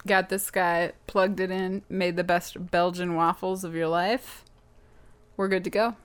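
A woman co-hosting a podcast in casual chat, playful, with deadpan jokes. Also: on the low side, measured pace, clear, resonant tone. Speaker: podcast co-host.

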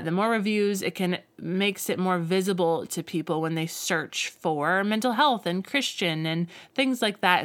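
A young woman hosting a faith podcast, chatting in a gushing, enthusiastic way into a close mic. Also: medium pitch. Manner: gushing, enthusiastic, warm-hearted. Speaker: podcast host.

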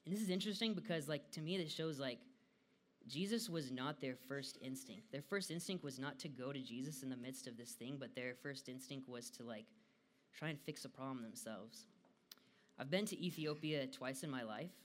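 A man's voice: mid-range voice, moderate pace, slight background noise. A young American man giving a casual devotional talk, chatty and full of fillers. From United States. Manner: casual and chatty, frequent "like" fillers, laughs often.

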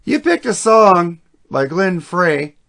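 A man hosting a podcast chats loosely about music, swearing and rambling with plenty of enthusiasm. His voice sits a little high and has a gravelly, fried texture. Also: very animated, slow pace, fairly bright tone. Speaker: podcast host. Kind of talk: casual music chat.

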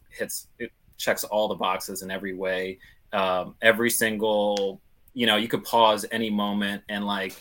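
A man with a somewhat low voice talks in a relaxed podcast conversation. He rambles, restarts and leans on fillers as he gathers his thoughts. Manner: rambling, filler-heavy, hesitant. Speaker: podcast co-host. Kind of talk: casual chat.

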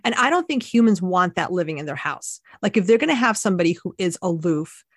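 A woman's voice: on the low side, animated, fast, husky, dry recording. Brief chatty woman podcaster, dry sound. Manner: chatty, explains from her notes, upbeat. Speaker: podcast co-host. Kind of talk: casual chat.

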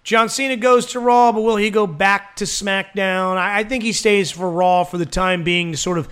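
Profane, animated man ranting. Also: high-pitched, moderate pace, clear, resonant tone. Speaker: podcast co-host. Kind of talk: casual chat.

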